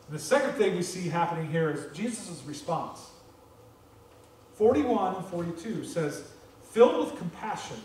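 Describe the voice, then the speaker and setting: A male American pastor delivers a sermon in a high, lively voice, often repeating words as he presses a point. He stands well back from the microphone. The sanctuary around him rings with heavy echo. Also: a little slow, long pauses, slight background noise. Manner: animated, repeats words when stressing a point. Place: church sanctuary. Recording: very echoey church, voice distant from the mic.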